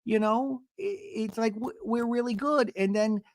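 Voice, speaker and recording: A man doing a fretful high-pitched reality-TV woman. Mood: sorrowful. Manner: halting, filler-laden whine.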